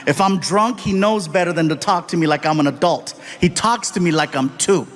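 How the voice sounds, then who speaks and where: A man telling stand-up stories on stage in an animated way, acting out the people in them. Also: on the high side, brisk. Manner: animated, jumps into voices for the people in his stories. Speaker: stand-up comedian. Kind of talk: stand-up storytelling. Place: large theater stage before a laughing audience.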